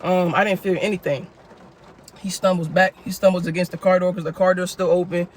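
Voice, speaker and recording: High-voiced man telling a slangy story. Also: little pitch movement, brisk, slight background noise. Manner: casual slangy storytelling, constant "you know what I'm saying". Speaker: vlogger. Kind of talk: story time vlog.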